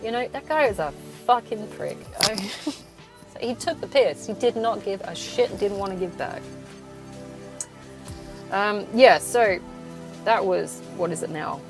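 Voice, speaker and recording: A young woman speaks bluntly and swears freely as she vents on her podcast, breaking into laughs between points. Her voice sits in a middle pitch, and faint music plays under her. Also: lively intonation, measured pace, pauses often. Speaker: podcast host. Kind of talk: solo venting podcast. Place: in a car.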